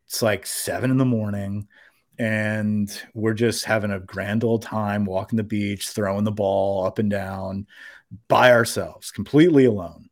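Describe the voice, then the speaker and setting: A man's voice: fairly low pitch, a little slow, creaky, no room sound. Rambling storytelling man, dry sound. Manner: rambling, animated anecdote with profanity and quoted voices. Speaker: podcast co-host. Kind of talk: casual storytelling.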